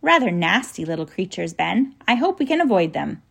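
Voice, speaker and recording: A woman voicing a kindly, eccentric old male professor who coaxes and explains gently in a storybook reading, with a gravelly edge. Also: lowish voice, a little fast, full character voice. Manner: gentle, coaxing, excitable.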